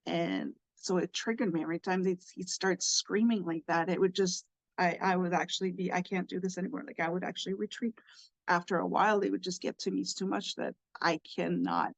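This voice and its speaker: A woman's voice: fairly low pitch, creaky, dry recording. A woman hosting a podcast, earnestly explaining parenting to listeners with frequent restarts. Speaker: parenting educator and podcast host. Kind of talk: instructive podcast monologue.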